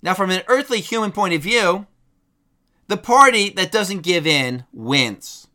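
A man's voice: sits high, expressive, measured pace, pushed and bright. A male preacher giving an emphatic, combative sermon.

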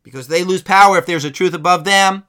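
A man's voice: sits high, steady tone, fast talker, pushed and bright, clean tone. A male preacher giving an emphatic, combative sermon.

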